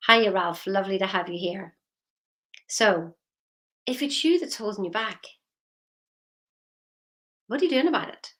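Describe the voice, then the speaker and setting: A woman's voice: mid-range voice, expressive, a little slow, pauses often, fairly bright tone. A woman giving a motivational talk as a coach, firing repeated questions at the listener.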